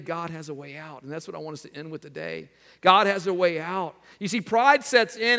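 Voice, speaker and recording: A middle-aged man preaching a sermon as pastor, animated, slipping into mimicking voices. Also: sits high, long reverb tail.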